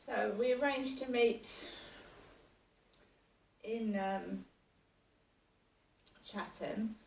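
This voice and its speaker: Woman, halting and rambling, slow, roomy distant sound. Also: a little high, vocal fry. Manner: rambling and halting, with many fillers and restarts. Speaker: vlogger. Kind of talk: casual personal storytelling.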